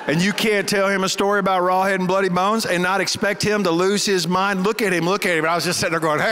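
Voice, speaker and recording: A middle-aged man, preaching in a lively storytelling way and laughing as he tells it. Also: high-pitched, clear, resonant tone, long reverb tail. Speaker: pastor. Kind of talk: storytelling sermon.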